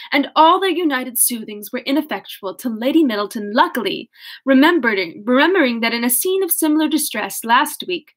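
A woman's voice: high voice, a bit bright. A young woman reading a classic novel aloud, casually, correcting her slips and breaking off into laughing asides. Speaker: audiobook reader.

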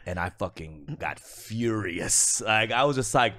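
A man co-hosting a casual podcast, telling stories in an animated way, swearing often. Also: low-pitched, slow, background noise. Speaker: podcast co-host.

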